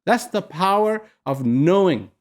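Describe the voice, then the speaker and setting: A man giving a reflective personal message, speaking slowly and posing many rhetorical questions. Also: high-pitched, animated. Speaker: spiritual speaker.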